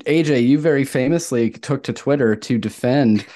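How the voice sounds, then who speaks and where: A man's voice: mid-range voice, normal speed, mellow. A man hosts a casual podcast with a mid-range voice. He asks questions in a playful, joking manner. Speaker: podcast host.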